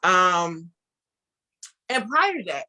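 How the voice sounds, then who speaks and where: Woman telling her story with animated quotes. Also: fairly low pitch, extremely slow. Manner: speaks of herself as an introvert. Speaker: guest, clothing designer. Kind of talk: storytelling interview talk.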